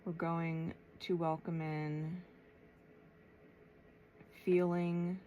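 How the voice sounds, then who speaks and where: A woman tarot reader channeling messages aloud, thinking as she goes, with long pauses and a soft, unhurried way of talking. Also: on the low side, level tone, narrow, tinny audio, a little hiss or hum. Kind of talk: slow, reflective spiritual channeling.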